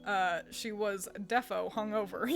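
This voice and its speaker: A woman's voice: medium pitch, vocal fry. A young woman from the United States streaming and chatting casually with her viewers, rambling with frequent laughter and restarts. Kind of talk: casual chat with chat readers.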